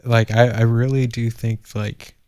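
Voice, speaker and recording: A man's voice: mid-range voice, little pitch movement, unhurried, a little mellow, clean tone, dry recording, studio quality. A man co-hosting a podcast in laid-back casual chat, calling his friend bud. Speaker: podcast co-host.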